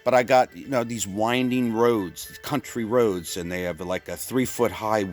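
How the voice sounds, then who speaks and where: A man from Pennsylvania telling a rambling comic story, full of stumbling restarts and deadpan exaggeration. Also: fairly low pitch, measured pace, faint music behind. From Pennsylvania, USA. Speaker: comedian.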